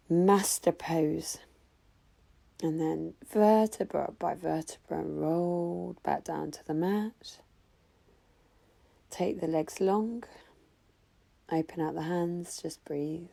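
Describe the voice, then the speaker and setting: A woman guiding a yoga class with calm, slow cues. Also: deep voice, vocal fry. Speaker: yoga instructor. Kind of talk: guided yoga instruction.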